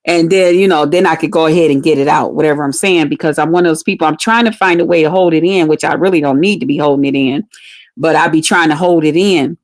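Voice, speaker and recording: A woman's voice: sits low, quick pace. A woman telling a personal story to her livestream viewers in casual, frank talk, cursing freely and speaking straight to the audience. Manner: candid, profane, addresses viewers directly. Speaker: livestream host.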